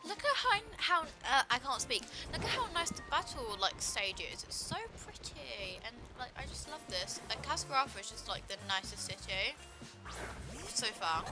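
A woman's voice: high voice, very animated, moderate pace, over music, poor audio. A woman giving casual commentary over her gameplay in a bubbly, chatty way, saying like a lot. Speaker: gaming video host.

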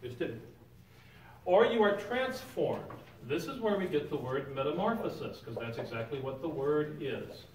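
A man's voice: a little high, expressive, moderate pace, slight background noise. A man teaching an informal Bible lesson in a church sanctuary, talking conversationally and quizzing his class with questions. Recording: roomy echo, picked up from a distance.

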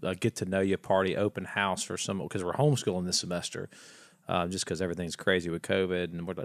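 A man chatting on a podcast, telling his story with animation and acting out what others said. His voice sits fairly low, recorded dry and close. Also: fast talker, no echo. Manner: animated anecdote teller. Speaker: podcast co-host. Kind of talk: casual chat.

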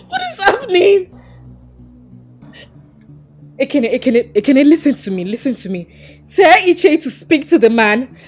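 Hot-tempered young princess. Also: female voice, sits high. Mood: distraught. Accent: Nigerian. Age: young adult. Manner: sharp and defiant, easily upset.

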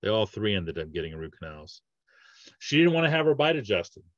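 Talking through patient cases in a casual webinar presentation, a male dentist speaks a little fast in a fairly low voice with big pitch swings, full of fillers and restarts. There's no room sound, though the audio is muffled.

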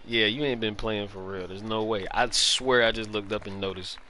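A man's voice: on the low side, fairly even intonation, normal speed, a crowd in the background. A young man chatting casually while streaming a game, with loose slangy banter, greeting his chat and laughing often into a headset mic. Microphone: gaming headset.

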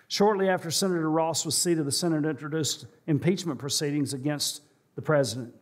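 A male pastor preaching a sermon in a church, telling a story and slowing and rising in pitch for emphasis. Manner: storytelling, slows and rises for emphasis. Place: church sanctuary.

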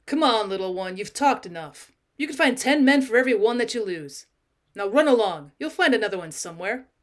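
Woman reads a rude bus conductor, dismissive, bantering, somewhat high. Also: expressive, normal speed, close to an everyday voice. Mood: mocking.

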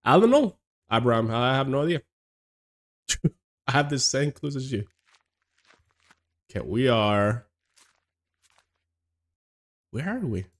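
A man's voice: medium pitch, animated, slow pace, pauses often, a bit bright. Chatty man streaming a game. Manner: chatty, reacts aloud, mumbles asides. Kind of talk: casual let's-play commentary, reading game text aloud.

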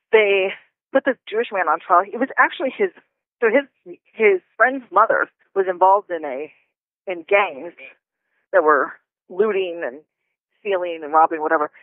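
A woman calling in from jail, telling her story in an indignant, animated way with quick asides. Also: medium pitch, no room sound. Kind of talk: casual call-in storytelling. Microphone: prison phone. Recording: tinny phone line.

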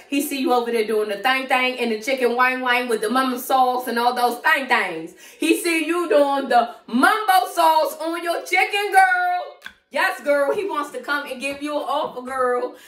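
A high-voiced woman reads tarot cards in a sassy, slangy, chatty way, talking to her viewer like a girlfriend. Her voice bounces around a roomy space, and she sits a little back from the mic. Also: a bit bright, distant mic. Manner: sassy, slangy, talks straight to the viewer as "girl". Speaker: tarot reader. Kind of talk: casual tarot reading.

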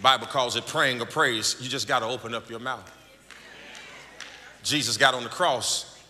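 A pastor preaching a sermon, swinging from shouts and half-sung lines to quiet, low stretches. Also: male voice, moderate pace. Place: church sanctuary. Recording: large echoing church hall with crowd noise.

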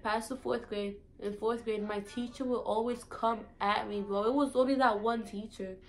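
A woman's voice: a little high, fairly even intonation, normal speed, low-quality recording. A young woman from St. Thomas with a US Virgin Islands accent, chatting casually and playfully in a vlog. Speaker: vlogger. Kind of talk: casual chat.

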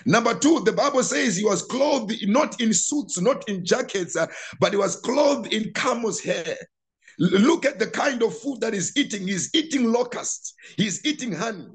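High-voiced male preacher, impassioned. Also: expressive, normal speed. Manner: impassioned preaching, rising to shouts, with repeated words and fillers. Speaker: pastor. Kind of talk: sermon. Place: church.

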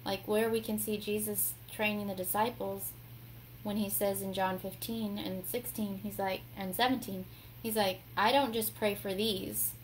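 A woman hosting a casual devotional talk, telling her story in an animated way and acting out the voices in it. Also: medium pitch, moderate pace, slight background noise, rough recording. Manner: animated storytelling, acts out quotes. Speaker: devotional host.

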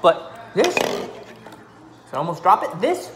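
A man's voice: high-pitched, sing-song, measured pace, roomy sound, background noise. A man sending a joking, melodramatic video message to a friend, pleading for him to come home. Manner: melodramatic, joking, trails into laughter. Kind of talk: mock-dramatic video message.

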